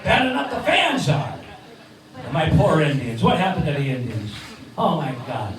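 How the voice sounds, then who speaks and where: On a neighborhood bar stage, a sixty-something comedian from Cleveland, Ohio, mixes stand-up with a ventriloquist act, delivering jokes with rambling punchlines. His voice is on the high side and very animated, at normal speed. A distant mic picks up bar echo and the crowd.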